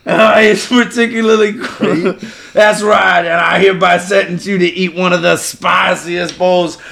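A man doing a gravelly Cajun judge. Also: high-pitched, steady tone, unhurried, bright, forceful tone, full character voice. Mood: blustering. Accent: Louisiana Cajun, put on. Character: blustering, domineering male Cajun judge. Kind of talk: comedy podcast skit acting.

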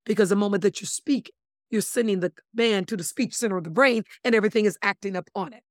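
A woman's voice: mid-range voice, quick pace, dry recording. Emphatic woman explaining, dry close sound. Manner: animated, emphatic, playful wordplay; calls listeners "my lovelies". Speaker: body language expert guest. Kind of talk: casual interview chat.

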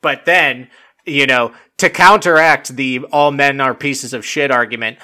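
A man's voice: mid-range voice, fairly even intonation, measured pace, bright, forceful tone. A young man casually recapping a reality show episode as a podcast host, rambling and profane, with lots of "like" fillers. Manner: rambling, profane, full of "like" and laughter.

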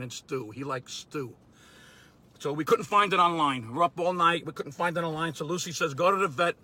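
Casting: man performing a gruff, exasperated ranter, high bright voice, profane comic monologue. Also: slight background noise. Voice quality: loud, exasperated, profane ranting. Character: angry gruff middle-aged man ranting. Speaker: comedy character in a played clip. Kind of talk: comedic rant monologue.

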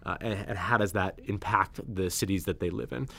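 A man's voice: low voice, fairly quick, creaky, fairly bright tone. A man, a state legislator, answering listener questions on a podcast in an earnest, explanatory way, setting out his points one by one. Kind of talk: podcast policy discussion.

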